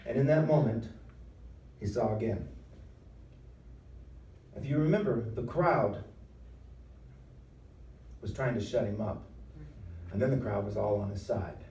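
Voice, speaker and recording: A former pastor giving a conversational, emphatic talk at a live event, acting out voices with humor. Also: male voice, fairly low pitch, a little slow, long pauses, dark tone. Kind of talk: preaching talk. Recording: roomy hall sound, mic at a distance.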